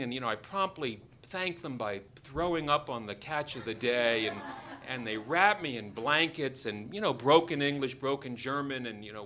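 A man's voice: mid-range voice, a little hiss or hum. A man telling a true story to an audience, joking and acting out the people in it. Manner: animated, joking, acts out the voices of the people in the story. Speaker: doctor telling a personal story. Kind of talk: live storytelling.

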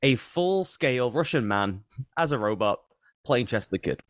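A man's voice: mid-range voice, lively intonation, moderate pace, no room sound. A man co-hosting a casual podcast, reacting with dry, jokey comments. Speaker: podcast co-host.

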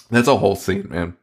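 A man hosting a podcast, recapping a movie in casual chat, swearing often and laughing in disbelief. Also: low voice. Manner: profane, laughing, incredulous storytelling. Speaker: podcast host.

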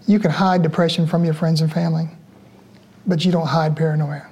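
A woman's voice: deep voice, fairly even intonation, brisk, a little mellow, soft background music, low-quality recording. A woman police lieutenant speaking frankly in a documentary interview.

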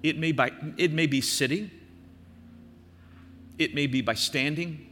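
An older man, a pastor from the American Midwest, preaching an earnest sermon that slows and softens for emphasis. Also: a little high, big-room sound, slight background noise.

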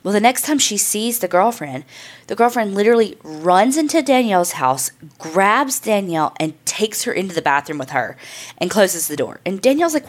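A woman's voice: medium pitch, sing-song, normal speed. A woman hosting a podcast, telling a true crime story in a casual, chatty way, loose and profane with lots of "like" and "I mean". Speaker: podcast host.

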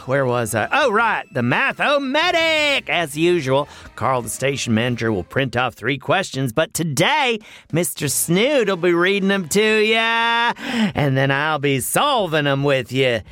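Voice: very animated, a little slow, fairly bright tone. A performer playing an overexcited, goofy host of a cartoon math show. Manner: bubbly, goofy, swinging wildly up and down in pitch. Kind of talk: cartoon voice acting.

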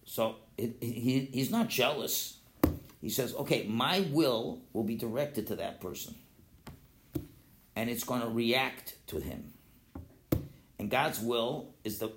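A man teaching an informal Torah philosophy class, lively and conversational, acting out quoted voices and often restarting his sentences. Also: mid-range voice. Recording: roomy echo.

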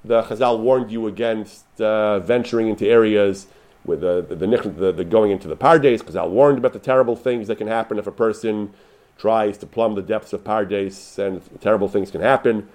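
A man's voice: fairly low pitch, normal speed, a little mellow. A man giving an unscripted Torah lecture, paraphrasing Hebrew sources with frequent restarts and fillers.

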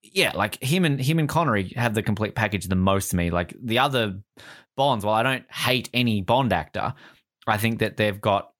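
A man's voice: fairly low pitch, no room sound, studio quality. A man co-hosting a podcast, chatting casually over a film, often laughing and quoting lines. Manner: animated, laughs often, quotes film lines in put-on voices. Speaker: podcast co-host. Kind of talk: casual movie commentary.

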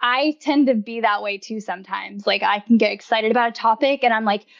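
A woman's voice: fairly high pitch, fairly quick, creaky, lo-fi sound. A woman in casual conversation as a guest, talking freely with a lot of "like" and laughing often. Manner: chatty, uses "like" constantly, laughs often. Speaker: podcast guest. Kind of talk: casual chat.

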